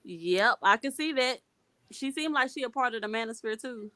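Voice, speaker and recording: A woman's voice: a little high, expressive, moderate pace, pushed and bright. A woman co-hosting a livestream commentary, casual and agreeable.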